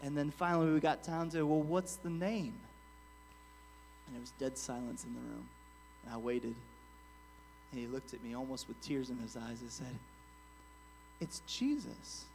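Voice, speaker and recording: A man preaching a sermon as a pastor in a church, telling a story quietly and then building to forceful, earnest preaching with frequent restarts. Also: medium pitch, steady tone, a little fast, gravelly, slight background noise. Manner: frequent restarts and "amen" asides. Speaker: guest pastor.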